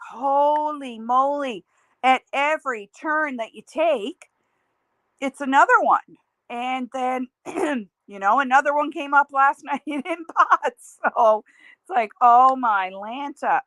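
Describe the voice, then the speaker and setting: A woman's voice: high-pitched, slow pace, fairly bright tone, dry recording. A middle-aged woman hosting a casual livestream, chatting in a rambling way and answering viewer comments. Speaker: livestream host.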